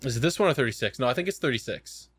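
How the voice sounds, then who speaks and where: Lively, swearing man on a dry mic. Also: mid-range voice, racing, slightly rough, no echo. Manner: profane, jokey, animated storytelling. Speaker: podcast co-host. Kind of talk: casual chat.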